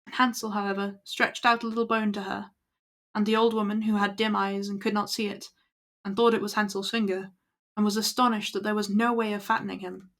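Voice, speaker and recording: A woman's voice: medium pitch, flat delivery, brisk, a bit bright. A woman reading old fairy tales aloud to her stream at an easy pace, with small slips. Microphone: laptop built-in mic.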